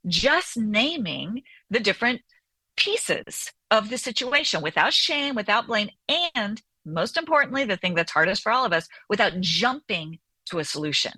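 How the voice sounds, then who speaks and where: A woman's voice: medium pitch, sing-song, normal speed, pushed and bright, no echo. A woman therapist and author being interviewed on the radio, explaining animatedly and often checking in with "right?".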